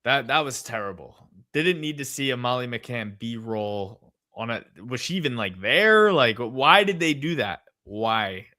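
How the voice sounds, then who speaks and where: A man's voice: medium pitch, expressive, a little slow, bright, forceful tone, no echo, studio quality. A man co-hosting a casual sports betting podcast, wry and agreeable, chiming in and laughing along. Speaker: podcast co-host.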